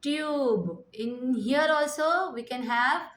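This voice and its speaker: A woman's voice: high voice, slow pace, fairly bright tone. A woman with an Indian English accent teaching a phonics lesson, sounding out letters and repeating each word. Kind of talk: slow classroom phonics lesson.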